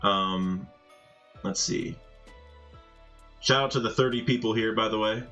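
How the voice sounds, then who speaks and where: A man's voice: fairly low pitch, measured pace, pushed and bright, dull audio, soft background music. A man on a live stream reading manga dialogue aloud in a plain voice and breaking in with casual, chatty reactions.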